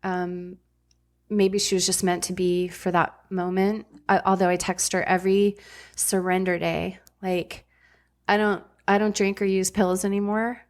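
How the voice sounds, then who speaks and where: A woman's voice: medium pitch, level tone, measured pace, darkish tone. A middle-aged woman, a podcast guest and former ER nurse, telling her story candidly in a blunt, casual way with frank swearing.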